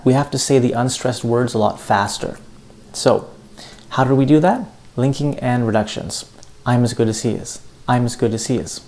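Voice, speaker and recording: Male pronunciation teacher, gravelly voice, emphatic and deliberate. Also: medium pitch, a little mellow. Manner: slow, emphatic demonstration of stressed words. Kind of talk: scripted lesson.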